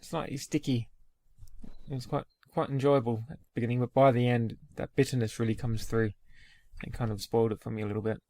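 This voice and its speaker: A man's voice: medium pitch, steady tone, brisk, a little mellow. Upbeat man hosting a beer podcast. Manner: upbeat, asks questions, laughs often. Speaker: podcast host. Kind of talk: casual chat.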